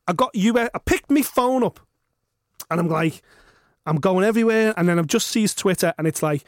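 High-voiced man ranting. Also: normal speed, no room sound, clean studio sound. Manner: animated, sweary ranting. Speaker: podcast host. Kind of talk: casual chat.

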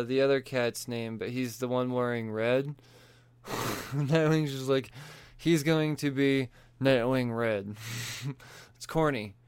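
A man's voice: medium pitch, clean tone. A man casually recapping comic book issues, swearing freely and laughing as he talks. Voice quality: profane, laughs often.

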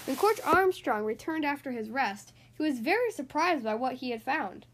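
Woman reading a kids' picture book aloud, high and lively voice. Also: moderate pace, slight background noise. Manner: animated, expressive storytelling. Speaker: storybook reader.

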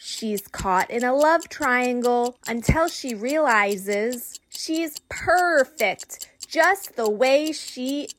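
A woman doing a comedic impression of a prim, self-important young actress, speaking in a haughty, deliberate way. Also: sits high, lively intonation, fairly bright tone. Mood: smug. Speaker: listener giving a recap.

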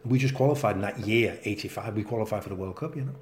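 A man in his sixties tells stories at a brisk clip, his Danish accent carrying a clear Liverpool lilt. His voice sits fairly low and he acts out other people's lines as he goes. The room behind him is echoey. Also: slight background noise. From Denmark. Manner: animated, acts out quotes. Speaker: former footballer guest. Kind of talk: anecdotal interview storytelling. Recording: roomy echo.

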